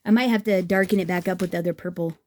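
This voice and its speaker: Mellow-voiced enthusiastic woman crafter. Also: on the low side, fairly even intonation, racing, a little hiss or hum. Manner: chatty, enthusiastic, thinking aloud with restarts. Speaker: craft vlogger. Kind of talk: casual craft tutorial chat.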